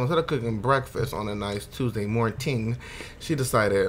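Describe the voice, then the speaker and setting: Sleepy and yawning, a man hosts a casual let's play, rambling, swearing, and talking to his characters as he comments on the game. His voice is medium in pitch and his speed is normal.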